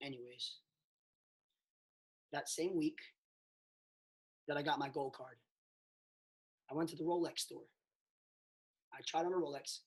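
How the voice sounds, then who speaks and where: Excitable man with a fairly high voice. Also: unhurried, gravelly, long pauses. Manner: emphatic and excitable, swings between hushed and loud, says "bro" often. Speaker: network marketing mentor. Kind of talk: motivational storytelling on a mentorship call.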